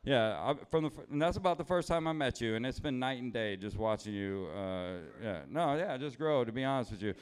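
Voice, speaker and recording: Smooth-voiced profane stand-up comic. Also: male voice, mid-range voice, animated, brisk, few pauses. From Los Angeles, USA. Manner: rambling, profane, self-deprecating. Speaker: stand-up comedian. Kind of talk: stand-up comedy with crowd work. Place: comedy club stage with live audience.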